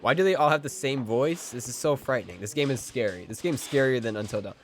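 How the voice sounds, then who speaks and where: Excitable man streaming a game. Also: mid-range voice, fast. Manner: excitable, jokey, talks to chat. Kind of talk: casual live gameplay commentary.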